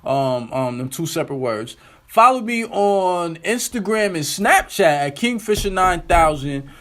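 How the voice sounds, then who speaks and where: Animated man ranting on his web show. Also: sits high, a little slow. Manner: animated, incredulous, slangy and profane. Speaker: host of a web talk show. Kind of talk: casual solo commentary rant.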